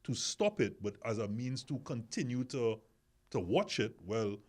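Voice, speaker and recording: A man's voice: mid-range voice, big pitch swings, a little slow, darkish tone. A man hosting a podcast discussion, asking questions and pressing his point with repeated words. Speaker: podcast host. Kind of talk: casual discussion.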